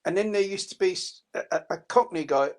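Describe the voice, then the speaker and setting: A man's voice: sits high, fairly quick. An older man chatting casually as a co-host, rambling with many restarts and laughs. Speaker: radio co-host. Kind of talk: casual chat.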